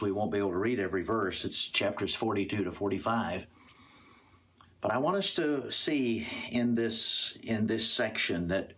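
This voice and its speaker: A male pastor delivers a sermon in an earnest, deliberate way, often repeating a phrase before he moves on. His voice sits low and carries a slight husky texture. He alternates between plain explanation and reading scripture aloud. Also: a bit bright. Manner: earnest, repeats words for emphasis.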